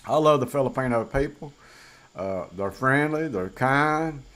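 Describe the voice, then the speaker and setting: A man's voice: mid-range voice, lively intonation, unhurried, fairly bright tone. A man with a Southern US accent, a channel host talking frankly and bluntly to camera in a casual monologue. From southern United States. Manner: frank, plain-spoken, blunt.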